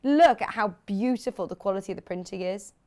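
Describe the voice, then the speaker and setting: A woman presenting products on live shopping television, chatty and enthusiastic, joking with the crew between sales pitches. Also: brisk, a little mellow.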